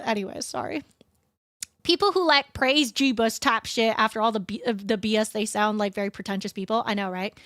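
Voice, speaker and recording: A young woman with a bright, crisp voice sits close to a dry mic, set a little high for her. She rants to her stream in a profane, animated way, swearing freely as she tells her stories. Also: fairly quick, no room sound. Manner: profane, ranting, animated storytelling. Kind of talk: casual chat stream. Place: home streaming setup.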